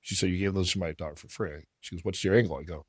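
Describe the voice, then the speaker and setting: A man with a low voice talks quickly and loosely, rambling through a story with plenty of swearing. The sound is dry and close, with no room around it. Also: fairly even intonation, a bit bright, slightly rough, dry recording. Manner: fast, rambling, profane. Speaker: podcast host. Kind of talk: casual storytelling.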